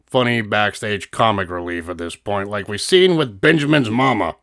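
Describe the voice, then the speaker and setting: A man's voice: fairly low pitch, expressive, moderate pace, fairly bright tone, no echo, studio quality. A man co-hosting a casual review chat, joking and laughing often. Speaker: co-host reviewing wrestling.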